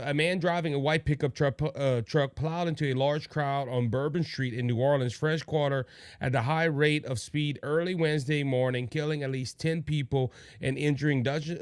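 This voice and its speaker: A man's voice: on the high side, dry recording, studio quality. A man hosting a casual political talk show from Louisiana, rambling and restarting often, reading viewer comments aloud. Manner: rambling, repeats himself and restarts. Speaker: podcast host.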